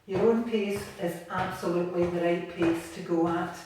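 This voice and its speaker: A Scottish woman gently leading a home exercise class from her bathroom, encouraging and patient. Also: fairly low pitch, steady tone, moderate pace. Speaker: exercise instructor. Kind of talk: guided seated exercise class. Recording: echoey room, distant mic, faint noise.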